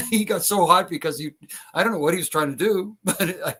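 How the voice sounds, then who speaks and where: Husky-voiced man telling podcast anecdotes. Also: sits high, fairly quick, pushed and bright. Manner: anecdotal, chuckling, easygoing. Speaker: podcast panelist. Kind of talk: casual podcast storytelling.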